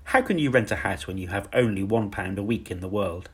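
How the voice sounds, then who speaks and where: A man voicing a furious, tyrannical middle-aged aunt who shouts in a shrill, outraged way. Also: a little fast, slightly rough, exaggerated voice.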